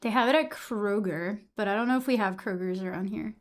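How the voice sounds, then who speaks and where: A woman's voice: medium pitch, a little fast. A young woman from Massachusetts chatting casually with her stream audience, answering chat messages and swearing freely.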